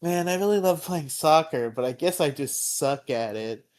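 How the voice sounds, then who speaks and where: A man voicing a young boy who loves soccer, in a high, excited kid voice. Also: moderate pace, close to an everyday voice. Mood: glum.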